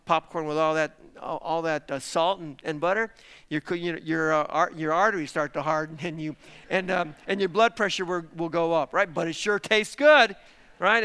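A man preaching a sermon to his congregation, emphatic and animated, asking rhetorical questions. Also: high-pitched, smooth. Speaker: pastor.

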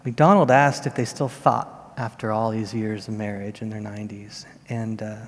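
A man in his thirties delivering a sermon as a pastor, in an earnest, measured storytelling manner. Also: lowish voice, level tone. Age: 30s. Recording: long reverb of a large hall.

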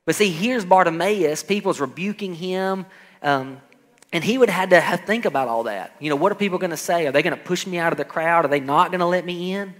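A man's voice: high-pitched, brisk, fairly bright tone. A man preaching a sermon, emphatic, calling out to his congregation and acting out quoted voices. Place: church hall. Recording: echoing hall with faint music.

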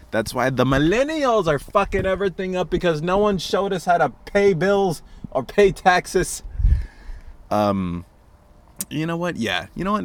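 A man in his twenties hosting a solo podcast, rambling with lots of swearing and sarcasm. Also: on the low side. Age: 20s. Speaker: podcast host. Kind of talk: casual solo podcast monologue.

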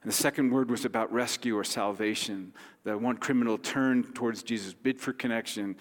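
A man's voice: lowish voice, fairly even intonation, a little fast. Man preaching conversationally in a reverberant hall. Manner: gentle, conversational preaching with light humor. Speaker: pastor. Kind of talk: sermon. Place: church sanctuary.

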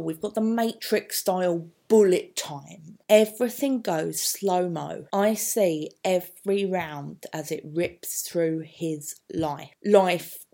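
A woman's voice: on the low side, slow, vocal fry, few pauses, dark tone. A woman teaching English poetry, chatty and thinking aloud with many asides. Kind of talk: poetry analysis lesson.

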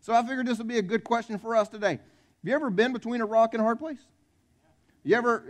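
High-voiced pastor, folksy. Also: male voice. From South Carolina. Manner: conversational, folksy, jokes with the congregation. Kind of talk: Christmas Eve sermon. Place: church.

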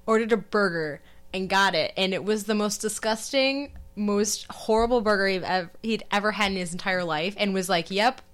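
A woman's voice: mid-range voice, normal speed, fairly bright tone, clear, resonant tone. A woman co-hosting a podcast in casual chat, rambling with asides and laughing often. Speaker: podcast co-host.

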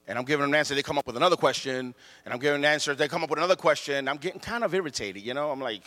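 A man preaching a sermon in animated storytelling style, often repeating his phrases. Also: a little high, racing, few pauses, long reverb tail.

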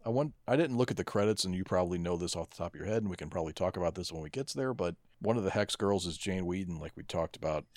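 A man's voice: low-pitched, rapid-fire, hardly any pauses, darkish tone. A man co-hosting a movie commentary, reacting in laid-back, dry remarks. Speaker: podcast co-host. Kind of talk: casual movie commentary chat.

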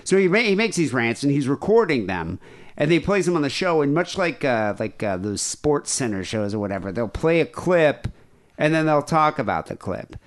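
A man's voice: fairly high pitch, very animated, moderate pace. A man hosting a call-in podcast, chatting casually and rambling with many fillers and restarts. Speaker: podcast host. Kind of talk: casual call-in show chat.

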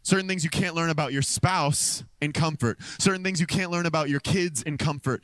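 A man preaching a sermon into a microphone, telling a story with lively swings between low, deadpan lines and excited high exclamations. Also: no room sound. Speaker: pastor. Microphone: handheld or stand microphone.

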